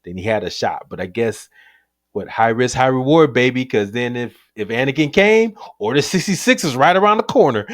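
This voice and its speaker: Speaking at a measured pace in a mid-range voice, this podcast co-host spins animated movie stories, acting out lines and laughing a lot as the chat stays casual. The recording is dry and studio quality.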